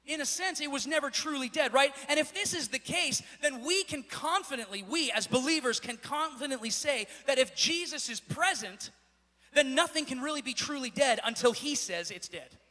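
A man pastor preaching a sermon in a church, with a repetitive, building cadence that rises to shouts. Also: very high-pitched, animated, normal speed. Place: church sanctuary. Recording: echoey church hall.

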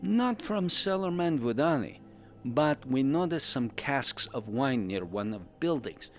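A man's voice: medium pitch, expressive, unhurried, a little hiss or hum, natural voice. A man voicing a cheerful male pandaren adventurer, a doting husband who tells his story in broken English with dropped articles. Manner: broken English, drops articles and verb endings. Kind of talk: in-character fan podcast storytelling.

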